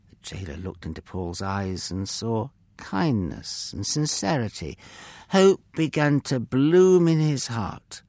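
A man narrating a children's Bible story in an expressive way, sometimes speaking to the listener directly. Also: medium pitch, takes it slowly, dry recording. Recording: dry close mic with faint music.

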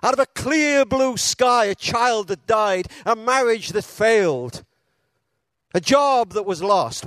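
A man preaching a sermon, telling a story with dramatic pauses and retelling quotes with feeling. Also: high-pitched, lively intonation, fairly bright tone, no room sound.

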